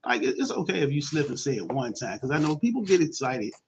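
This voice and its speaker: A man from Chicago hosting a morning radio show, talking in loose, slangy banter full of shout-outs. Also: a little high, very animated, quick pace, a little hiss or hum. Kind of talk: casual morning radio talk.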